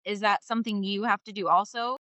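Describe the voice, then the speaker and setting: A woman's voice: mid-range voice, fairly even intonation, a little fast, pushed and bright, no room sound, rough recording. A woman hosting an interview, asking curious, rambling questions. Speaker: host. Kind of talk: casual interview.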